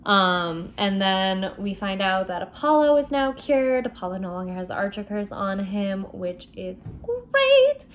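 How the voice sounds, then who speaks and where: A woman's voice: medium pitch, a little slow, few pauses, a little hiss or hum. Chatty young woman recapping a book. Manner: chatty, expressive, frequent fillers and laughs. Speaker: book vlogger.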